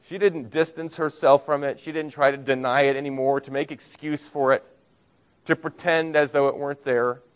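A man's voice: a little high, steady tone, moderate pace, clear, resonant tone. Earnest male pastor preaching a sermon. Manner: earnest preaching, rising emphasis and soft drops.

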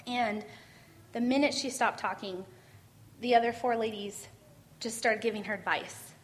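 A woman's voice: a little high, steady tone, normal speed. A woman sharing a personal story with a church group in an earnest, heartfelt way. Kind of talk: casual testimony in a church group discussion.

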